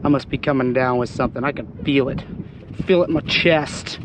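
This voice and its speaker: A man hosting a fishing vlog, talking casually while he cleans and cooks fish, hoarse as he loses his voice. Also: mid-range voice, fairly quick, background noise. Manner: chatty, exclaims often. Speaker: fishing channel host. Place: outdoors on a boat.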